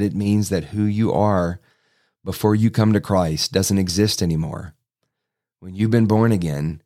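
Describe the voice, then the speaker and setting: A man's voice: low-pitched, a little mellow. A middle-aged man, preaching as a pastor, telling a personal story in a folksy, self-deprecating way. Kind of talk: sermon storytelling.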